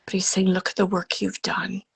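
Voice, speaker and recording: Gentle gravelly-voiced woman medium. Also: mid-range voice, monotone. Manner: gentle and halting, relaying messages, often dropping to a whisper. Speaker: psychic medium. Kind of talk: live mediumship readings to an audience.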